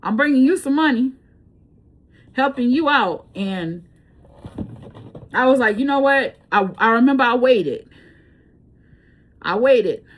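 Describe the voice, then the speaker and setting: Woman, fairly high voice, blunt casual storytelling, swears freely. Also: takes it slowly, long pauses, a little hiss or hum. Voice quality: blunt, profane, animated storytelling. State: breathing hard. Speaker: tarot reader.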